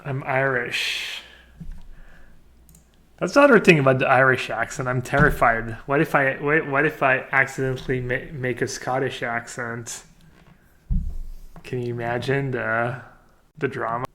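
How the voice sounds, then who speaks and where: A man's voice: mid-range voice, fairly even intonation, a little slow, long pauses, pushed and bright, slight background noise. A man casually commentating his own card game on a live stream, joking and thinking aloud as he plays.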